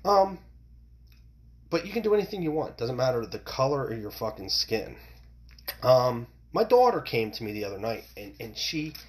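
Middle-aged american guy ranting solo on his podcast, cussing a lot, voice jumps all over, keeps restarting. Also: mid-range voice. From United States. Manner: heated, profane, repetitive, with frequent restarts. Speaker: podcast host. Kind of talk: opinionated solo podcast rant.

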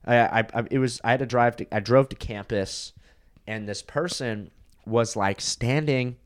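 A man who is a comedian, a podcast guest telling blunt, crude dating stories in a deadpan way. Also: mid-range voice, normal speed, smooth. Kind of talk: casual chat.

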